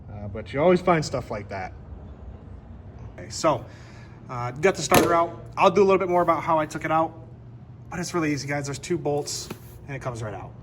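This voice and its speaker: Upbeat male DIY vlogger, slightly high voice, faint shop noise behind. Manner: upbeat, chatty, explains as he works. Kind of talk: casual how-to vlog. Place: workshop garage.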